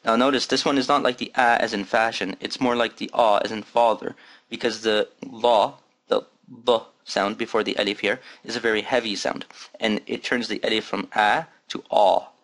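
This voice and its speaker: Brief: man, lowish voice, patient language teacher who drills each word aloud. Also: steady tone, a bit bright. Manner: patient, repeats words slowly for drilling. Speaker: Arabic teacher. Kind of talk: recorded lesson.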